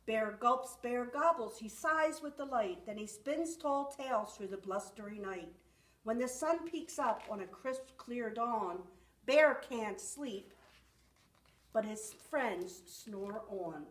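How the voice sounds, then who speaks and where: A woman's voice: fairly high pitch, slow pace. A woman reading a rhyming picture book aloud at a library storytime with rhythmic expression. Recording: echoey room, far from mic.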